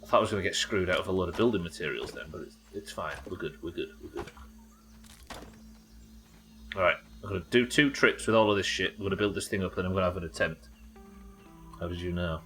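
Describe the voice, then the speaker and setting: A man's voice: sits low, quick pace, long pauses, a bit bright, soft background music. A young British man streaming a game live, chatting casually, laughing often and swearing freely. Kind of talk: casual live gameplay chat.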